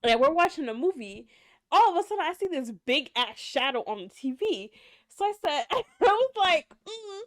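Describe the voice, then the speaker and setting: A woman's voice: sits high, big pitch swings, normal speed. A young woman co-hosting a podcast, telling a story in casual chat and acting out the quotes with big jumps in her voice. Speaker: podcast co-host.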